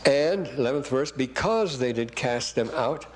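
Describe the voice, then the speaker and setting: A man's voice: medium pitch, lively intonation, measured pace, background noise. An older man giving a classroom lecture, reading verses aloud and breaking in with rambling comments to his students.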